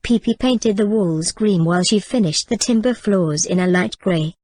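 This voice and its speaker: A woman reading a novel aloud as audiobook narrator, in a steady, clear reading manner. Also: medium pitch, moderate pace, no echo. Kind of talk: scripted storybook narration.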